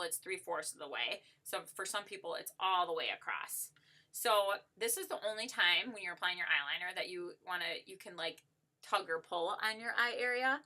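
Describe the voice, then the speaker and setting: A woman's voice: mid-range voice, sharp tone. A woman giving a casual makeup tutorial while demonstrating on herself, upbeat and gushing, with lots of "like" and "so" fillers.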